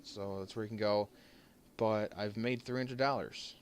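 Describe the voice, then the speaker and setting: A lower-voiced man speaks straight to his viewers, choked up and fighting back tears. He talks in halting bursts, stumbles over his words and restarts them, then pushes on with sincere thanks. Faint room ambience hums under his voice. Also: steady tone, slight background noise. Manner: halting and heartfelt, many restarts and pauses. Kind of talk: emotional off-the-cuff thank-you vlog.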